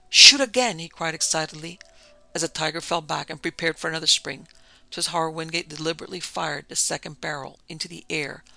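A man narrating a story aloud in a measured, even reading. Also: a little high, gravelly. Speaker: audiobook narrator.

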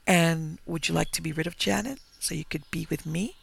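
Brief: cruel seductive female ghost, soft purring menace, put on by a male narrator. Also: on the high side, normal speed, creaky, husky, no room sound, exaggerated voice.

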